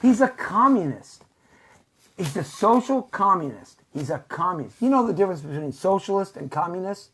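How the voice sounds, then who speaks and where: A woman's voice: lowish voice, lively intonation, moderate pace, a little hiss or hum. A woman hosting a talk show, ranting in a sarcastic, rambling way with stammers and repeated phrases. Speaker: host. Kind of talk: political talk show rant.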